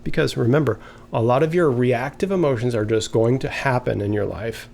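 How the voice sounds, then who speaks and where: A man teaching a lesson in a relaxed, conversational way, now and then acting out short example phrases. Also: mid-range voice, brisk, vocal fry. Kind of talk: explanatory lesson.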